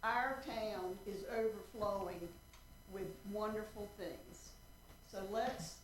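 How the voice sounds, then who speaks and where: A woman in her seventies from North Carolina, giving a folksy, earnest public comment at a council meeting with slow, emphatic appeals. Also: mid-range voice, slight background noise. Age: 70s. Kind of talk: prepared public comment with a joke. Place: council chamber. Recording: roomy council chamber.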